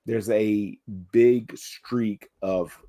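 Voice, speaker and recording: A man's voice: on the low side, steady tone, extremely slow, warm tone. A man co-hosting a podcast in casual chat, with a wry, self-deprecating humor. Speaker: podcast co-host.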